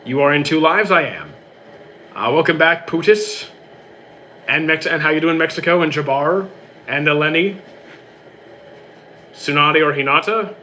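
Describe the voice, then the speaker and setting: A young man streaming live, reading out chat questions and answering them in quick, casual bursts. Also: fairly high pitch, lively intonation, bright, forceful tone, slight background noise. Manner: quick, reads questions aloud then answers briefly.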